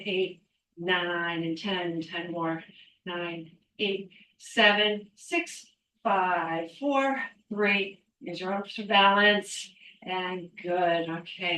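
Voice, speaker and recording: A woman's voice: on the low side, fairly bright tone, distant mic, a little hiss or hum. A middle-aged woman teaching a qigong class, counting aloud and cueing movements while a little out of breath. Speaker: qigong instructor. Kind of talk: guided exercise class. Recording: echoey room, voice away from mic.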